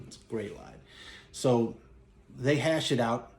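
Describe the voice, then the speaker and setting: A man talks through a movie's story in an easy, offhand way, middle-pitched and chatty. He gets animated as he goes and jumps up in pitch to act out the characters. His voice carries a roomy echo from the space around him. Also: slow pace. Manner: animated storytelling, acts out lines in a raised voice. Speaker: movie collector and reviewer. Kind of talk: casual plot retelling.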